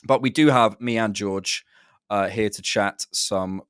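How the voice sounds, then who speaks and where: A man hosts a casual podcast with an easy, chatty voice. He teases his co-host and drops quick asides in a relaxed flow. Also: fairly low pitch, smooth.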